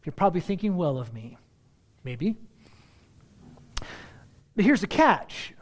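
A man reading scripture aloud expressively, then speaking softly and personally as a preacher. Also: high-pitched, takes it slowly. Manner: expressive reading, then soft confessional talk.

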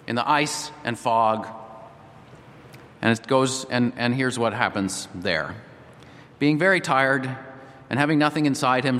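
A man's voice: on the high side, pushed and bright. A man preaching a sermon, reading a story aloud and then appealing earnestly with rhythmic repetition. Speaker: pastor. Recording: long hall reverb.

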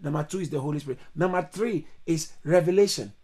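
Preaching fast to an online church congregation over a video call, a male pastor repeats his phrases emphatically and lets out sudden high exclamations, all in a mellow voice.

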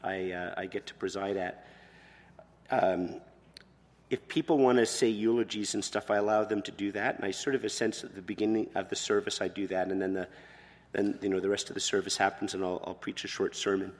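A man preaching a sermon as pastor, expressive, moving between quiet, soft passages and loud emphatic ones. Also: low-pitched, fairly quick, big-room sound.

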